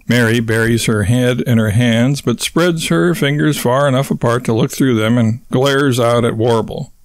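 A man's voice: mid-range voice, normal speed, hardly any pauses, dry recording. Man narrating a comic novel, dry and close. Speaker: audiobook narrator. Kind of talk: scripted audiobook narration.

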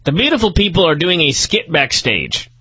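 A man's voice: a little high, big pitch swings, moderate pace, bright, forceful tone, slightly rough. A man hosting a podcast, recapping a wrestling show in a mocking, profane storytelling way. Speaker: podcast host. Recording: dull lo-fi podcast audio.

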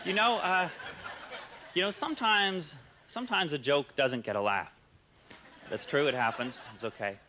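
A young man with a Canadian accent doing a halting, deadpan stand-up set, full of uhs and restarts. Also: on the high side. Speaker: stand-up comedian. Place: comedy club stage with audience laughing. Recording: live stage recording with noisy room.

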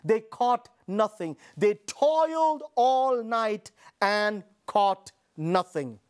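A male pastor delivers a sermon with a strikingly high voice. He preaches emphatically, repeating his lines and calling on listeners to respond. At times he breaks into a shout. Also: expressive, extremely slow, clear, resonant tone.

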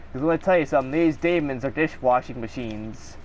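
A man's voice: mid-range voice, a little fast, hardly any pauses, a little hiss or hum. A man giving live gameplay commentary, swearing and ranting angrily at the game. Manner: profane, angry ranting at the game. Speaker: gaming video creator.

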